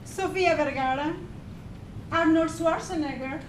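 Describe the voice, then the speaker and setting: A woman with a Mexican Spanish accent giving a humorous contest speech, deadpan and pausing for laughs. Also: very high-pitched, distant mic, a little hiss or hum. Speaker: contest speaker. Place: meeting hall with audience. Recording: echoey hall, mic from afar, crowd laughing.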